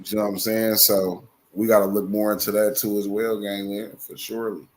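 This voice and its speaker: A man's voice: fairly low pitch, level tone, fairly quick, slight background noise. A man hosting a casual talk show, speculating aloud in conversational slang. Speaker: commentary show host. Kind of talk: casual chat.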